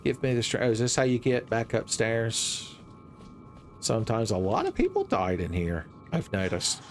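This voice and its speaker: A young man giving playful, joking commentary over his own gameplay, breaking into loud exclamations. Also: on the low side, very animated, normal speed, soft background music. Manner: playful, jokey, swings into loud shouted exclamations. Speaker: gaming video creator.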